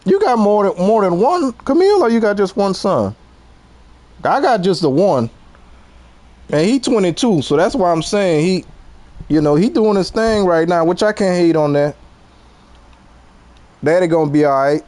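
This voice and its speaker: This is a man in his forties from Louisiana, Southern accent and all, keeping up easygoing chatter with viewers over a game and laughing often. He speaks at a moderate pace in a high, expressive, darkish voice, pausing often.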